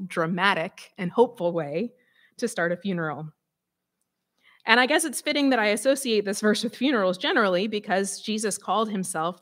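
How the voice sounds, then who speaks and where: A woman preacher reading scripture aloud and giving a sermon, conversational and expressive with dramatic emphasis. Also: medium pitch.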